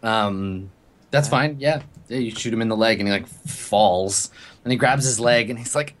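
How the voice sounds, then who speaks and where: A young man in the game master's seat, describing scenes in a loose, hesitant way, full of ums and likes. His voice sits at an ordinary middle pitch. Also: normal speed, a bit bright. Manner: loose and hesitant, many fillers. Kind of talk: narrating a tabletop game.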